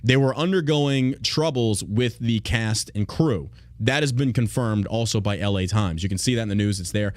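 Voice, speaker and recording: A man's voice: lowish voice, normal speed, no room sound. A man hosting a podcast, talking bluntly and profanely in a mocking, opinionated rant. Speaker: podcast host.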